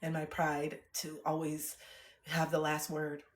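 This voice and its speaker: A young woman streaming, chatting candidly and reflectively, swearing freely and getting animated when she retells things. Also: low voice, unhurried. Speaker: livestreamer. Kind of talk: candid casual livestream chat. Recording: roomy echo.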